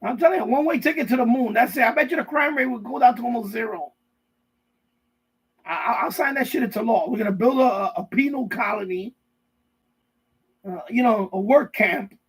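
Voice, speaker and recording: A man with a notably high, husky voice rants on his live stream. He rambles, swears freely and repeats himself while riffing in mocking voices, talking from his basement. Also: fairly quick, long pauses, a bit bright, poor audio. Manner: profane, repetitive, riffing with mock voices. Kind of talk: rambling casual rant. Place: basement room.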